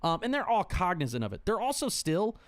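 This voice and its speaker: A man co-hosting a casual podcast, talking in an animated, rambling way with lots of restarts. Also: high voice, fairly quick, no echo. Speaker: co-host.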